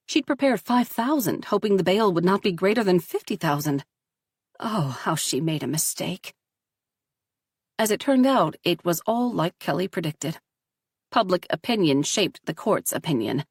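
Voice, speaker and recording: A woman reading a story aloud in steady, measured audiobook narration. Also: fairly low pitch, breathy edge, no echo, clean studio sound.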